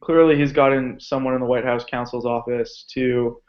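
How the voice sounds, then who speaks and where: A man's voice: medium pitch, steady tone, normal speed. A man who is a guest on a casual podcast, talking loosely and dropping lots of "like"s, on a dull lo-fi recording. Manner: loose, filler-heavy talk with many "like"s. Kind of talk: casual chat.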